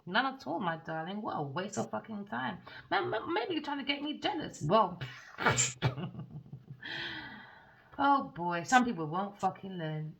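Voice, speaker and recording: A woman's voice: medium pitch, sing-song, unhurried, creaky, long pauses, a bit bright, poor audio. A woman giving a tarot reading in a scornful, profane and theatrical way. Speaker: tarot reader.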